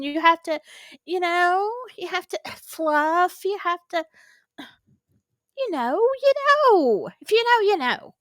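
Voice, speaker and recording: A woman with a Southern US accent hosting a casual reaction video, chatty and animated, laughing often and repeating herself. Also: sits high, no echo. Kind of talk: casual chat reacting to clips.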